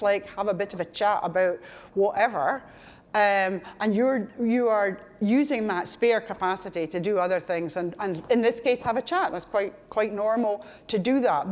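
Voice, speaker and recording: A woman's voice: mid-range voice, darkish tone. An older Scottish woman giving a conference lecture, talking in a chatty, digressive way with asides and self-corrections. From Scotland. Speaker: conference speaker.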